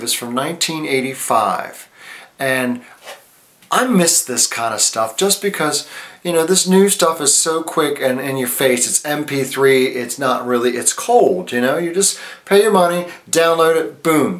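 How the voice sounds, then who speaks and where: A man's voice: medium pitch, animated, measured pace. A man in his forties, a comedian hosting his own show, talking casually and wryly to the camera. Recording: echoey room.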